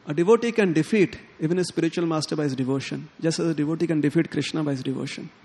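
Animated man telling a devotional story in a hall. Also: a little high, racing, breathy edge. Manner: animated, quotes characters in lively tones, chuckles often. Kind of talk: sermon storytelling. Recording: long hall reverb.

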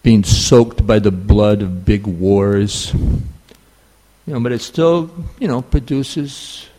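New york guy teaching a scripture class, slow and halting, lots of fillers. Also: on the low side, mellow. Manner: halting, many fillers and restarts. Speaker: spiritual teacher.

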